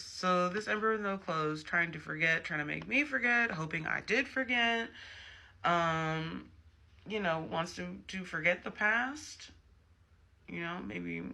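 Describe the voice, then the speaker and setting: Gravelly, bright-voiced man reading tarot. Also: high voice. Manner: chatty and emphatic, personal asides. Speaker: tarot reader.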